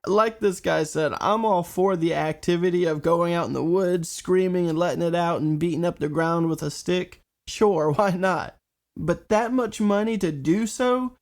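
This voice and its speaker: A man's voice: sits high, normal speed, a little mellow. A man hosting a reaction video, talking casually with a congested voice, musing aloud and laughing lightly.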